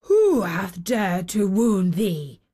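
A woman voicing a huge old male giant in a storybook reading, speaking slow, deep and weighty. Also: darkish tone. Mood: wrathful.

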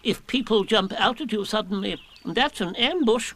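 A man's voice: sits high, animated, normal speed, a bit bright, pitched above the performer's own voice. A man doing a pompous, lecturing old owl. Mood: lofty. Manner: superior, lecturing.

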